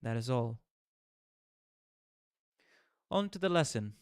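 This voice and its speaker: A man's voice: medium pitch, fairly quick, clean tone, no echo, lightly acted. A man reading as a dry, stern schoolteacher. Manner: dry, flat delivery. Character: stern schoolteacher announcing a missing pupil. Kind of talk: visual novel read-aloud.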